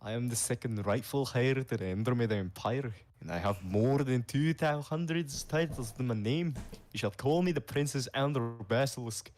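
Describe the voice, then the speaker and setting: A man's voice: mid-range voice, moderate pace, darkish tone, lightly acted. A man doing a haughty princess with a Scottish lilt. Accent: put-on Scottish. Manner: grand and proclamatory. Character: haughty young princess, boastful royal heir.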